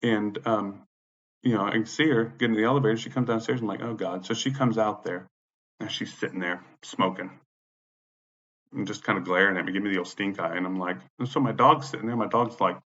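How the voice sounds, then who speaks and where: A man's voice: lowish voice, fairly even intonation, fairly quick, a bit bright. A man telling a story about a confrontation with a neighbor, in a heated, profane, casual rant. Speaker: veteran telling his story. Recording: lo-fi dull sound.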